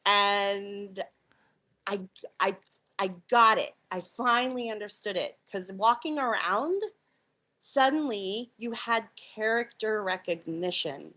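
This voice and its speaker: A middle-aged woman, a puppeteer and clown, telling stories in a casual interview, animated and laughing often as she acts out quoted lines. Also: medium pitch, slow pace.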